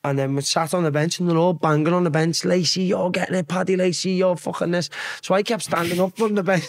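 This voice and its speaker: A young man from Liverpool with a broad Scouse accent tells stories as a podcast guest. He talks in a loose, animated way and swears freely. His voice sits slightly higher than most men's. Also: brisk. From Liverpool, England. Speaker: guest, former footballer. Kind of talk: casual storytelling.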